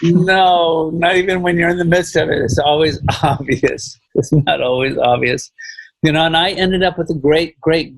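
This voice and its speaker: A man's voice: medium pitch, no echo, poor audio. A man talking as a film director in a casual podcast interview, rambling and repeating phrases with many "you know"s.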